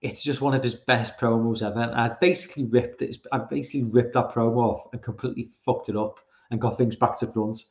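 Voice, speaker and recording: A man's voice: mid-range voice, fairly even intonation, a little fast, hardly any pauses, darkish tone. A man who is not American, hosting a casual livestream, rambling and swearing with frequent restarts as he reads chat. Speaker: podcast host reading chat. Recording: roomy, slightly dull sound.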